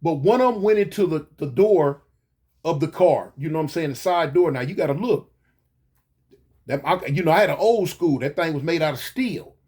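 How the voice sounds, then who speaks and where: A man casually recounting a past event, animated, stumbling over restarts and mouthing gunshot sounds. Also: fairly high pitch, moderate pace, slightly rough. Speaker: guest recounting a shooting. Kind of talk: casual storytelling.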